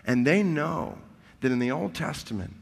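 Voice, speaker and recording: A man preaching a sermon and retelling a story with animated, rising intensity. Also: a little high, moderate pace, gravelly, slightly rough, in a large hall. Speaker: pastor.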